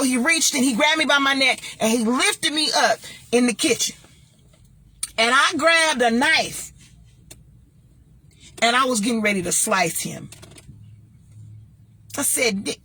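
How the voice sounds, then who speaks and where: A woman's voice: sits high, measured pace, long pauses, bright, forceful tone, slightly rough, no room sound. A woman hosting her own show, giving emphatic, blunt advice and telling a personal story in a casual monologue. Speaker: talk show host and former radio DJ.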